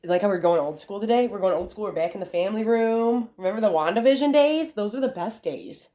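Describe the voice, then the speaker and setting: A woman's voice: mid-range voice, expressive, fast, mellow. A young woman rambling casually to camera at home, swearing freely as she chats. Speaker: vlogger. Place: family room at home.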